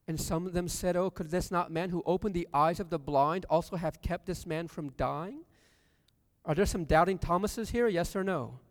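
High-voiced preacher in a reverberant hall. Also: male voice, moderate pace. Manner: asks the congregation questions, rising to loud emphasis. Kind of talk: sermon with scripture reading.

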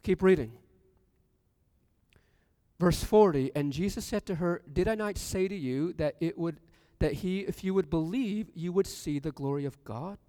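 A man preaching a sermon, reading scripture aloud and asking the congregation questions, rising to loud emphasis. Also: high voice, unhurried. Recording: long reverb from a hall.

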